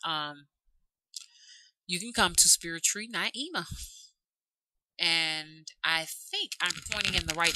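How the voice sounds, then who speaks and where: A woman's voice: mid-range voice, a bit bright, a little hiss or hum, poor audio. A woman from Alabama with a Southern drawl, chatting casually and rambling to her channel viewers as its host. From Alabama, USA. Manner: chatty, rambling, calls viewers y'all and love. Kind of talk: casual chat to camera.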